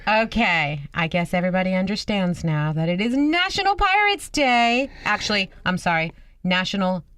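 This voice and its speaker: A woman's voice: mid-range voice, expressive, normal speed, fairly bright tone, clear, resonant tone, no echo. A woman co-hosting a radio show, chatty and giggly in casual banter.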